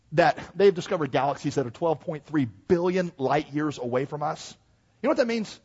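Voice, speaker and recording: A man preaching a sermon, swinging from hushed, slowed phrases to loud, rising peaks, with joking asides to the congregation. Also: on the high side, breathy edge, dull audio.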